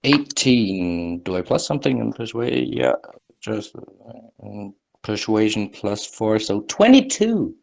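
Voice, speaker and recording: A man's voice: lowish voice, sing-song, takes it slowly, creaky, a little mellow. Casual male tabletop player. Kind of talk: tabletop gaming chat.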